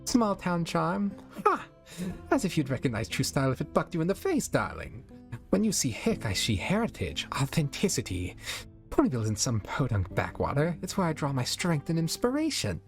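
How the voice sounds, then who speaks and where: A man's voice: a little high, huge pitch swings, normal speed, faint music behind, voice pushed up. A man voicing a refined female fashion-designer pony, affected and fond of saying darling. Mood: haughty. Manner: uppity, affected, calls everyone darling.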